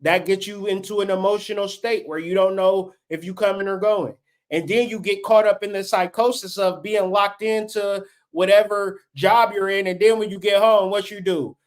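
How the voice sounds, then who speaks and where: High-voiced preachy man in his late 30s. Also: fairly even intonation, normal speed. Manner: profane, fired-up and preachy. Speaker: livestream host. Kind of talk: unscripted livestream rant.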